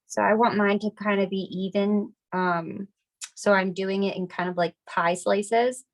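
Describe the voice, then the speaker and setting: A young woman getting over a cold, teaching a relaxed, chatty, upbeat step-by-step decorating class. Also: mid-range voice, measured pace. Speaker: craft class instructor. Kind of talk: casual step-by-step demonstration.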